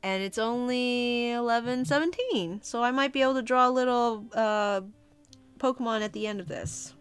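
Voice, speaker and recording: A woman's voice: on the high side, normal speed, smooth, no room sound, faint music behind. A young woman streaming as she reads a comic aloud, chatting casually with her viewers and using lots of fillers. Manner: chatty, relaxed, many fillers. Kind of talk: casual livestream chat.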